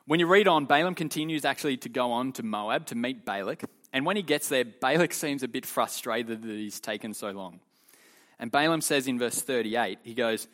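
A man leading a youth Bible lesson, telling the story in an animated, casual way full of slang. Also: mid-range voice, moderate pace. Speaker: youth leader teaching.

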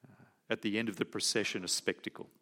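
A man's voice: on the low side, fairly even intonation, fast talker, pushed and bright. A man preaching a sermon in church, conversational and often asking the congregation questions.

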